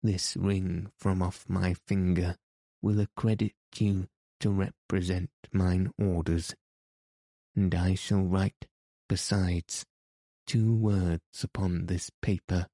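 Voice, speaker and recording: Man reading as a dying baron, deep low voice, slow and grave, archaic formal speech, audiobook. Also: little pitch movement, warm tone, dry recording, clean studio sound, full character voice. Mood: solemn. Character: wounded dying male English baron, proud and gloomy.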